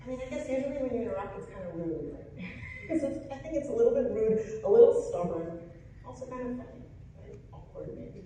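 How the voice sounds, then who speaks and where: A woman's voice: on the high side, animated, fast talker, mellow, recorded from a distance, slight background noise. A woman teaching a piano masterclass, coaching a student and singing rhythms aloud to show the phrasing. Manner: encouraging, sings rhythms aloud. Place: piano studio or hall. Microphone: far room mic. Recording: very echoey room, voice from afar, piano behind. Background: piano playing.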